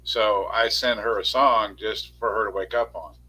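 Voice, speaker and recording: A man's voice: on the low side, steady tone, moderate pace, sharp tone, husky, poor audio. A middle-aged man in casual livestream chat, rambling and correcting himself as he talks. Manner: rambling, self-correcting storyteller.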